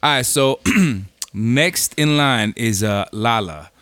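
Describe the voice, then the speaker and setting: A man's voice: mid-range voice, takes it slowly, a bit bright, smooth, dry recording. A man co-hosting a casual podcast, joking loosely with friends, cursing freely and dropping Spanish phrases. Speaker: podcast co-host.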